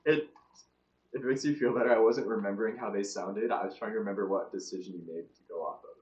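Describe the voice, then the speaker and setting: Low, hesitant man, distant and roomy. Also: fast, a little mellow. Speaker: player. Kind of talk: casual chat at a game table. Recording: muffled, roomy call audio from far off.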